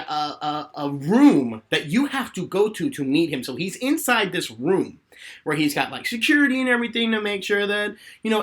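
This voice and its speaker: A man in his twenties answers fan questions live, telling stories with lots of energy and frequent laughter. His pitch swoops up and down, and his tone is bright and forward. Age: 20s. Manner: animated storyteller, laughs often.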